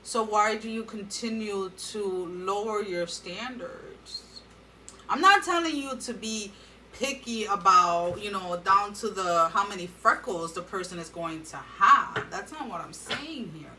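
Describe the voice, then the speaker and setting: A woman gives an earnest tarot reading straight to her viewers in a bright, sharp voice. She sits a little back from the microphone, with a faint hum in the background. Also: mid-range voice, a little slow, distant mic, poor audio. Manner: earnest, addresses viewers directly with advice. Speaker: tarot reader.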